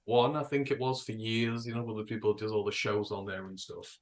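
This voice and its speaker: A British man co-hosting a casual podcast, excitable and rambling. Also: fairly low pitch, brisk. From England. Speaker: podcast co-host. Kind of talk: casual chat.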